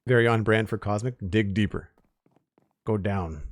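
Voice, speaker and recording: Deep-voiced man chatting on stream. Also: normal speed, no echo. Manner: relaxed, chatty, reads out chat names and thanks followers. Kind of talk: casual live-stream chat.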